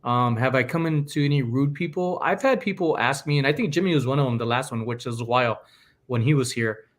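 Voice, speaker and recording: A man hosts a podcast, chatting casually in a brisk, medium-pitched voice. He tells stories animatedly and acts out the people he quotes.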